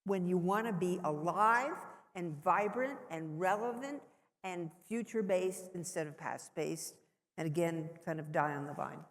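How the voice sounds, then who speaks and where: A woman's voice: lowish voice, lively intonation, a little slow. A woman speaking on a conference panel, emphatic and full of conviction. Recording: reverberant conference hall.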